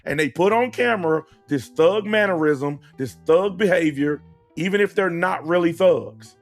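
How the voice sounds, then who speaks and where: A man, hosting a casual podcast debate, blunt and profane, slowing down to stress his points. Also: fairly high pitch, soft background music. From American South. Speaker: host.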